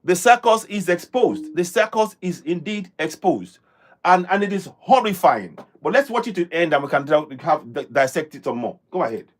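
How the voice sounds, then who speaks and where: A man's voice: sits high, lively intonation, normal speed. A man from Africa hosting a live stream, commenting on a clip in a rambling way with many fillers and restarts. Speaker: livestream host.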